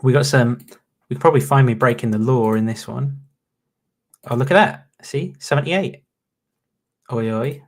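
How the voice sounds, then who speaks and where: A man's voice: medium pitch, normal speed, pauses often. A man in his late twenties with a Northern English accent, rambling and swearing through casual reaction commentary. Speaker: YouTuber.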